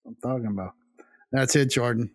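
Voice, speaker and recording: A woman hosting the show in a relaxed, casual way, laughing often and chiming in with short remarks. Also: a bass voice, fairly quick. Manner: laid-back, laughs and chimes in. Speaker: show host. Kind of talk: casual chat.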